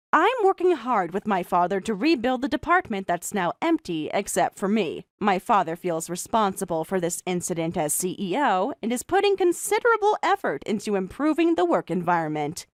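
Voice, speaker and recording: Woman voicing young woman, calm, cutting, mocking, animated story, lively pitch, dry close sound. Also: no echo, lightly acted. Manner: cool, mocking, measured. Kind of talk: animated story voice acting and first-person narration.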